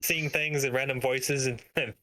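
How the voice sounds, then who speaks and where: A man playing a tabletop game, talking casually and haltingly with many uhs. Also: medium pitch, fairly even intonation, sharp tone, slight background noise. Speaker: player.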